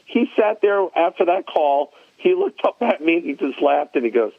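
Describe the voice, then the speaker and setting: A man in casual podcast chat, an animated storyteller recalling his years as an arena announcer. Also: fairly high pitch, fairly quick, vocal fry, hardly any pauses. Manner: animated storyteller, laughs at his own tales. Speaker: former arena announcer, guest. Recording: tinny phone line, dry.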